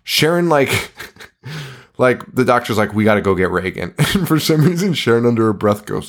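A man's voice: on the high side, normal speed. A man casually retelling a movie's plot on a podcast, swearing and laughing as he goes. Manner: animated, swearing, laughing while retelling scenes. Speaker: podcast co-host. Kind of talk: casual movie recap chat.

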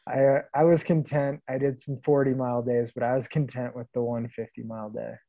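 A man around thirty from the Pacific Northwest, chatting easily as a podcast guest. His voice is mellow and unforced, recorded close and dry with no room sound. He laughs his way through stories at a relaxed clip. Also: medium pitch, a little fast, gravelly, no echo, poor audio. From Vancouver, Washington. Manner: easygoing storyteller, laughs often. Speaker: guest, long-distance hiker.

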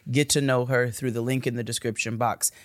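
A woman's voice: very deep voice, fairly even intonation, brisk, dry recording. A woman co-hosting a casual podcast chat, playful and slangy, now and then slipping into sing-song bits. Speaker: podcast co-host.

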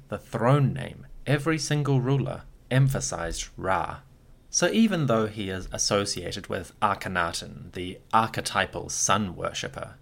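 A man with a fairly low voice narrates a history podcast from a script. His pitch swings widely as he tells the story, and he drops in wry little asides along the way. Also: gravelly, a bit bright. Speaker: podcast host.

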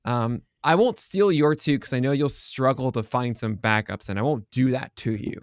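A man's voice: medium pitch, moderate pace, no echo, clean studio sound. A man co-hosting a casual sports podcast, telling stories with a joking, teasing manner. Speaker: podcast co-host.

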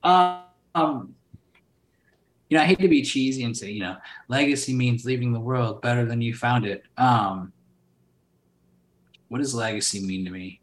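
A man's voice: medium pitch, measured pace, pauses often. A man talking as a podcast guest in casual chat, loose and rambling, full of fillers and swearing. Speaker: podcast guest, solar sales entrepreneur. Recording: roomy echo.

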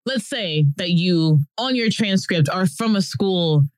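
A woman's voice: fairly low pitch, slow, dry recording. A woman from Texas, a guest on a podcast in casual chat, telling stories and acting out the voices in them. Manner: animated storyteller, acts out voices in anecdotes.

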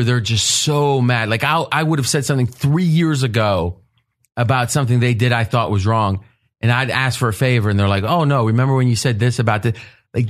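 A man hosting a betting podcast roundtable, telling stories in an animated way and laughing often. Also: mid-range voice. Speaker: podcast host. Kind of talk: casual roundtable talk.

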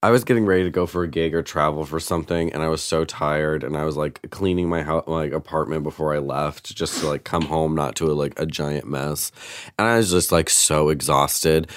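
A man's voice: rumbling low, steady tone, a little fast, dry recording. A man chatting casually as a podcast guest, telling rambling stories full of "like". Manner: rambling storyteller, heavy use of "like". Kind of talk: casual chat.

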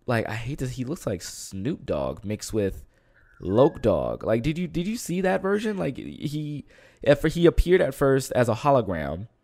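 A man in casual conversation whose voice swings widely in pitch as he talks. He is animated, laughs often and trails off into fillers mid-thought. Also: unhurried, dry recording. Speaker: co-host. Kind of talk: casual chat.

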